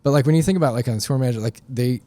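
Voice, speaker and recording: Mellow-voiced man telling stories. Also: medium pitch, rapid-fire. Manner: animated storyteller, many fillers. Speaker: podcast guest, nonprofit founder. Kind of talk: casual interview storytelling.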